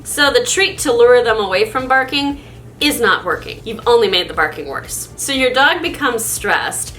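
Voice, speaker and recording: A woman's voice: on the high side, animated, moderate pace, sharp tone, slight background noise. A woman hosting a casual how-to video on dog training, chatty and upbeat in a conversational way. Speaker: dog owner and video host. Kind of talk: casual instructional vlog.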